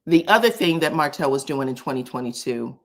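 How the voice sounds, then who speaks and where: A woman hosting a casual commentary show. She talks in a sassy, animated way, often says "child", chuckles, and uses "um". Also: very deep voice, a little fast. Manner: frequent chuckles and filler "um". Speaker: host of a reality TV commentary channel.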